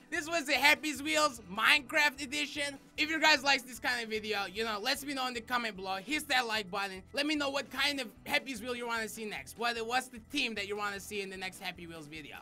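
A man giving excitable game commentary in deliberately broken English, often shouting and swearing, with music playing under his voice. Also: extremely high pitch. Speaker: gaming commentator. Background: background music.

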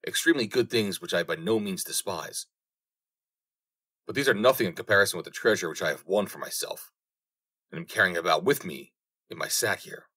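A man's voice: low voice, a little fast, long pauses, pushed and bright. A man reading as a proud young tradesman. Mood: confident. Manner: confident, formal old-fashioned speech. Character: young male turner apprentice, proud and bold.

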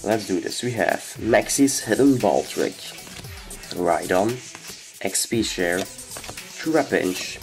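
A man's voice: low voice, rough recording. A man hosting a casual card-opening video, talking with a sick voice and reading out each card name in turn, with music playing behind him. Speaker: card-opening channel host. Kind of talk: casual unboxing commentary. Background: background music.

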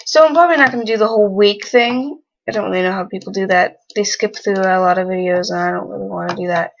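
A woman's voice: medium pitch, fast talker, vocal fry, lo-fi sound. A young woman casually commenting on a life-sim game she is playing and talking to its characters in a teasing way. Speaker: let's play gamer.

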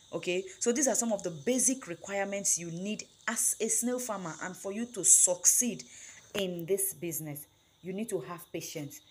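A woman's voice: lowish voice, a little hiss or hum. A woman teaching snail farming, stressing key words and checking in with "right?" and "okay?". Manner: emphatic, repeats key words with tag questions. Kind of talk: instructional talk.

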